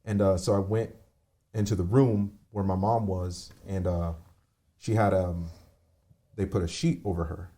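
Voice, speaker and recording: Low, dark-voiced man telling a painful story. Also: fairly even intonation. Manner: halting, with many fillers and restarts. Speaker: podcast guest. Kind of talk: emotional personal storytelling.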